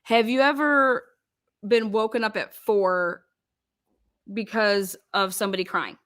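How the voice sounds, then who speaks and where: Woman grilling like a lawyer, pointed questions nonstop, bright sharp voice. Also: mid-range voice, steady tone. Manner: rapid-fire pointed questioning. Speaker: commentator. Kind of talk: mock cross-examination, commentary.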